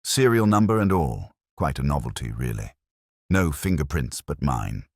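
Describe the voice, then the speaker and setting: A man's voice: very deep voice, big pitch swings, normal speed, no room sound, studio quality, heavily acted. A man voicing a nervous, pompous middle-aged bank manager who boasts and then stammers, in a storybook reading. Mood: boastful.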